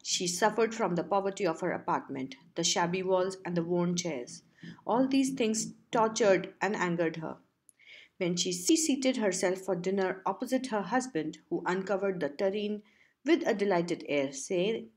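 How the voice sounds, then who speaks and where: A woman reading a short story aloud as an audiobook narrator, steady and measured. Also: medium pitch.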